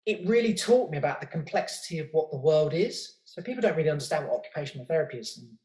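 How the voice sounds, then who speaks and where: Talking fast and animatedly, this middle-aged British man has a fairly high, somewhat dark-toned voice. He's a podcast guest and host in a loose, candid interview, wandering off, cursing liberally and stumbling on repeated words as ideas form. The recording carries a roomy echo.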